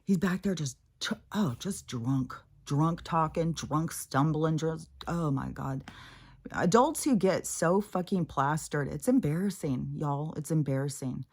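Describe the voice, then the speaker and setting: A woman's voice: low-pitched, lively intonation, unhurried, darkish tone, slightly rough. A woman telling a personal story in a casual, candid way, exasperated and freely swearing. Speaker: spiritual vlogger.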